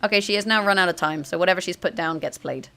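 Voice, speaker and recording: This card game commentary comes from a female gaming host who speaks quickly in a fairly low, smooth voice with a sharp edge. As she plays, she discusses strategy with viewers, often catching and revising herself mid-sentence.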